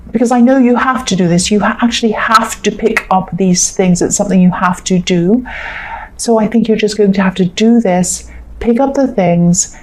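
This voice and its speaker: A woman's voice: mid-range voice, dark tone. A woman chatting through a tarot card reading in a rambling, casual way, with lots of fillers and repeats. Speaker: tarot reader.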